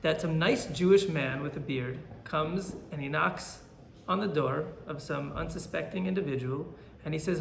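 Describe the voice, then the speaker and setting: A man, a rabbi, teaching a Torah class as an animated storyteller who acts out the characters in his stories. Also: on the high side, moderate pace, gravelly, reverberant, a little hiss or hum.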